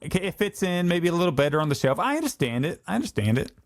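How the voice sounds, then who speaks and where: A man's voice: high voice, big pitch swings, very fast. A man hosting a podcast in casual, easygoing chat, talking loosely with many fillers. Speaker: podcast host.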